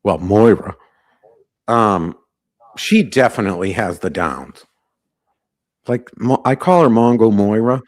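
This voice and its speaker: A man with a fairly low voice hosts a live call-in podcast. He rambles loosely from one aside to the next in a brash, joking tone. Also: expressive, slow pace, long pauses. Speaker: podcast host.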